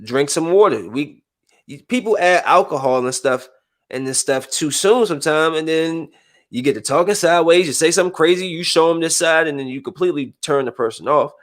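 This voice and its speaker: In casual podcast conversation, the host talks fairly quickly with a fairly high-pitched voice. He's lively and imitates the people he's quoting.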